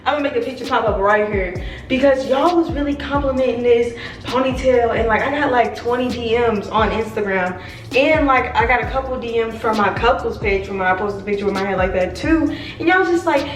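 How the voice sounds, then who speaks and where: A young woman with a slightly high voice talks viewers through a hair tutorial in a loose, playful way, full of asides. She records in an echoey room. Music plays clearly behind her. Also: fairly quick. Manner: chatty, playful, rambling asides. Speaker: beauty vlogger. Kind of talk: casual hair tutorial vlog.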